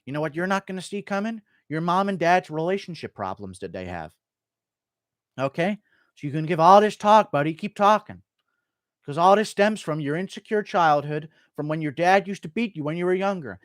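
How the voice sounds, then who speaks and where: Man doing a trash-talking fighter, mocking and needling, big swings in pitch. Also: lively intonation, normal speed, no echo, clean studio sound. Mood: taunting. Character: cocky taunting male fighter, trash-talking an opponent. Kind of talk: impression.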